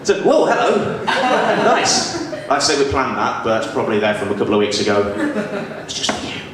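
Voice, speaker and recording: Echoey young northern English comic. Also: male voice, lowish voice, quick pace, crowd noise. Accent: generic northern English. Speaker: stand-up comedian. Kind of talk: stand-up set. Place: small comedy club stage. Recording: far-off echoey club recording with audience. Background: audience laughter and room noise.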